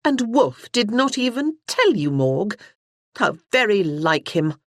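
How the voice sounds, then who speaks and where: A woman's voice: mid-range voice, very animated, normal speed, darkish tone, no echo, clean studio sound, voice pushed up. A woman voicing a proud, scornful noblewoman in an audiobook. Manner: crisp, scornful.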